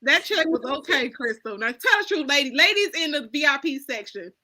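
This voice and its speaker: High bright-voiced woman telling animated stories. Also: fairly quick. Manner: animated storyteller acting out dialogue, laughing often. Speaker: panel host. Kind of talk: casual storytelling chat.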